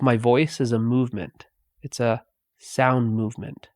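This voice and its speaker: A man giving a meditative spiritual talk, speaking softly with long pauses between phrases. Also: mid-range voice, fairly even intonation, no echo, clean studio sound. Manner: slow, pausing, softly spoken. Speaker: spiritual teacher.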